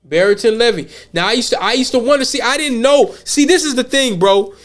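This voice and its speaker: High-voiced man rambling on a podcast. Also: fairly quick, a loud crowd. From United States. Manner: rambling, repeats words while thinking; blunt and profane. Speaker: podcast host. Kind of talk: casual podcast chat.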